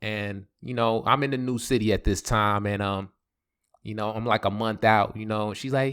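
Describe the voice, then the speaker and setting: A man telling a casual storytime, animated, laughing often and jumping his voice up high when he quotes other people. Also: normal speed, clean tone.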